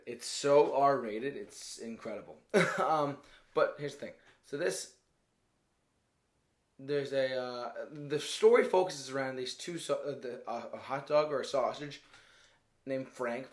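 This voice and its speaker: A man talks through a movie in a loose, rambling review, hunting for words and breaking into laughter. His voice sits at an ordinary middle pitch for a man. The recording has a noticeable roomy echo.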